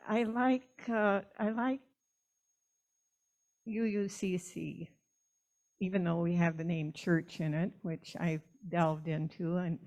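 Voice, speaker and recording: A woman's voice: on the low side, gravelly, darkish tone. A woman in her eighties from the United States, giving a rambling, chatty testimony in a church. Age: 80s. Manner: rambling, chatty, self-amused. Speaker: church member. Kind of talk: personal testimony at a church service. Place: church sanctuary.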